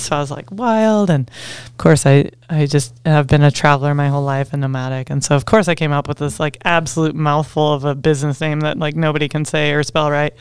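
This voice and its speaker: A woman's voice: low voice, clear, resonant tone, no echo. A woman guest on a podcast, casually telling a rambling story as a wilderness guide, peppering it with "like" and laughing often. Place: Alaska.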